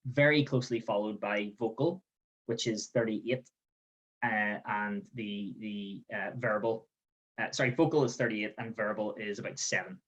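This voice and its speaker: A man's voice: on the low side, fairly bright tone, low-quality recording. A man giving a training webinar, explaining step by step and checking in with the listener with a frequent "okay?". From Northern Ireland. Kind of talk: webinar presentation. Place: outdoors in the sun.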